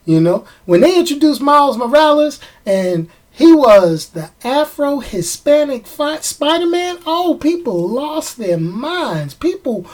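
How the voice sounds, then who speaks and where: A man with a New York accent giving casual, opinionated movie-review commentary, animated and fond of repeating phrases and asking rhetorical questions. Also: very high-pitched, measured pace, hardly any pauses.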